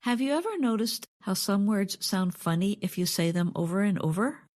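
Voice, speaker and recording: A woman co-hosting an English lesson, explaining words in a clear, measured way. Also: mid-range voice, lively intonation, a little mellow.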